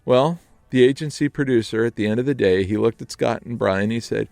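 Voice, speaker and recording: A man's voice: medium pitch, a little fast, creaky, a little mellow, no room sound. A man telling a comic story in a radio studio, in a theatrical, self-mocking way. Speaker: storyteller guest.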